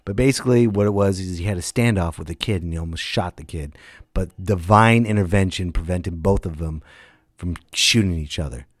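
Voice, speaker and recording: A man who is a stand-up comedian hosting his own podcast, telling road stories in a casual monologue and breaking into loud voices for the people in them. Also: low-pitched, fairly quick, dry recording, clean studio sound. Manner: animated, jumps into loud impressions of others.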